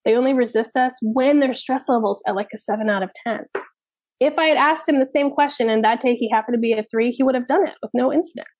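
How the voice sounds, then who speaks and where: A woman speaking as a parenting expert guest in a candid interview, animated and blunt, swearing casually. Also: on the high side, quick pace, no room sound.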